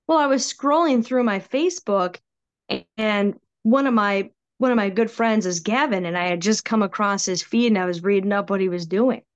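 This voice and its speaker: A woman guest telling a personal ghost story in a casual, animated way. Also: mid-range voice, moderate pace, dull audio. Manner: animated, acts out quoted voices.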